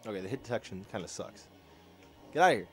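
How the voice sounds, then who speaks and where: Brief: young male gaming host, lively sarcastic commentary, a bit under the weather, faint game music behind. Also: on the low side, fast talker. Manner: sarcastic, reacting excitedly to gameplay. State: slightly ill, clearing throat and coughing. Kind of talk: casual let's-play commentary.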